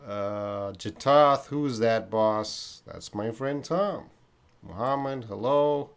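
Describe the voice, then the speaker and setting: A man's voice: mid-range voice, slow, vocal fry, clean tone. A Canadian man hosting a casual English-learning live stream, reading viewer comments aloud. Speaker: host.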